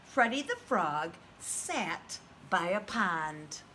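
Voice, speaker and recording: Female preschool teacher, storytime read-aloud, bright and lively pitch. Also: slight background noise. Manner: gentle, slow and questioning, speaking to little kids. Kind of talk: reading a picture book aloud to young children.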